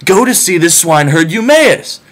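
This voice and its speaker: A man's voice: high voice, very animated, normal speed, fairly bright tone, pitched above the performer's own voice, exaggerated voice. Man doing a breezy goddess. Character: breezy female goddess giving orders.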